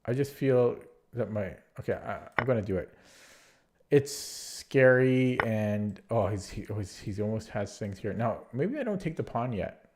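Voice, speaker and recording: A man with a fairly low, warm voice talks briskly and very animatedly, though he sounds nasal and stuffed up from allergies. Playing online chess, he thinks aloud, hesitantly muttering his moves to himself as a running game commentary.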